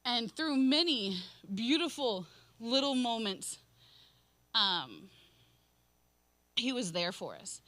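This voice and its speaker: Bright-voiced woman giving an emotional testimony. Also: fairly high pitch, dry recording. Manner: emotional storytelling, laughing often and acting out what she said. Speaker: church member giving a testimony. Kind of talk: personal testimony at a church service.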